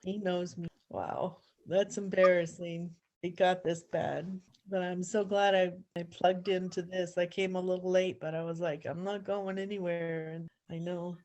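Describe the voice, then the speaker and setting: A woman with a lower voice talks openly as a caller on a session. She chats freely and breaks into small laughs between words. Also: flat delivery, measured pace, a little mellow. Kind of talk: casual chat on an online call.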